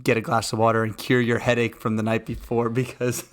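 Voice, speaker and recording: A man's voice: mid-range voice, monotone, brisk. A young man co-hosting a podcast who keeps asking questions and chuckles often. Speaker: podcast co-host. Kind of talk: casual podcast chat.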